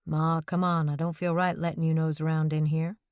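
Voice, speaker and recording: Woman narrating as a steady, plain-spoken widower, low-pitched, calm and terse, firm under pressure, in a dry close recording. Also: a little fast, no echo, close to an everyday voice. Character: quiet, steady widowed man, stubborn when pushed.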